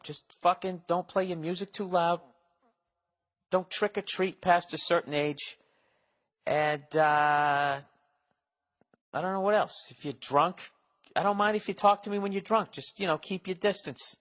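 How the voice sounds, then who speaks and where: A man in his forties hosting a solo podcast, rambling profanely. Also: unhurried. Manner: profane, rambling, animated swings in pitch and volume. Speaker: podcast host. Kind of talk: casual solo podcast rant.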